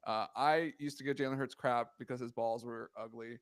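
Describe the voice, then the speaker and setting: A man's voice: mid-range voice, steady tone, a little fast, smooth, dry recording. A man co-hosting a casual sports podcast, ranting, swearing and exasperated as he talks through the news. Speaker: podcast co-host.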